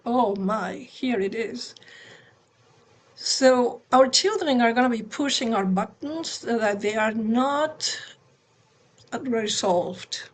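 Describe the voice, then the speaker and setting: A woman co-hosting a spiritual talk on parenting, speaking in a gentle, conversational way over a video call. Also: on the high side. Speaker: satsang co-host and parent.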